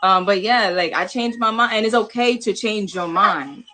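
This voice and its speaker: A woman with a Jamaican-American accent talks on a livestream panel with a bright, forceful edge. Her delivery is emphatic and repetitive, and she swears casually. Her pitch sits in a typical middle range for a woman. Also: normal speed. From New York. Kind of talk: impassioned livestream talk.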